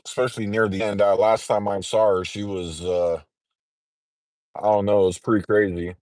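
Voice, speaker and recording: A man in trucker training, chatting casually on a morning livestream, congested and rambling, clearing his throat often. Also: on the low side, dry recording. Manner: rambling, frequent throat-clearing and filler words.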